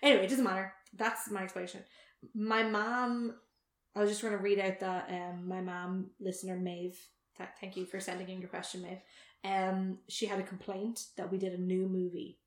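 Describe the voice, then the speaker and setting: A woman's voice: mid-range voice, little pitch movement, moderate pace. A woman co-hosting a podcast in casual chat, rambling and laughing often. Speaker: podcast co-host. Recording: echoey room.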